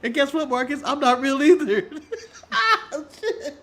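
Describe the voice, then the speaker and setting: American male co-host, sharp and animated, foul-mouthed giggling joker. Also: very high voice, unhurried. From United States. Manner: profane, laughing joker. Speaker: podcast co-host. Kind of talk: casual chat.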